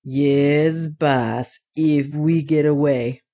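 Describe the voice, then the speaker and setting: A loyal dwarf servant speaks plainly and calmly, as a woman reader puts him on. His voice sits low and even. He stays steady and matter-of-fact. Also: drawn-out words, heavily acted.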